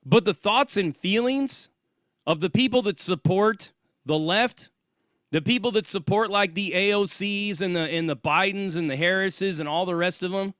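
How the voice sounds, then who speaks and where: A man's voice: high-pitched, normal speed, fairly bright tone, no echo, studio quality. A man hosting his own channel, delivering an angry, profane and sarcastic ranting monologue. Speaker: channel host.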